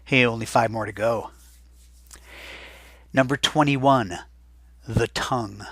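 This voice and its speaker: A man teaching a recorded Spanish vocabulary lesson in a chatty way, saying each word slowly and more than once so students can write it down. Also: medium pitch, fairly bright tone, dry recording.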